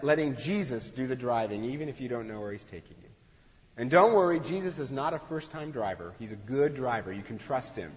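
Guy preaching in a big echoey hall, talky and relaxed, acts out little quotes, kinda muffled recording. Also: medium pitch. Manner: conversational, acts out quoted voices. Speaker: pastor. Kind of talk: sermon. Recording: dull sound in a long-echo hall.

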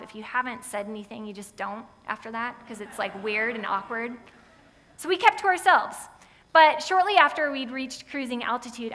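A woman's voice: on the high side, bright, forceful tone. A woman preaching a sermon in a conversational storytelling way, acting out the voices of the people in her stories. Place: large church sanctuary. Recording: long reverb of a big hall.

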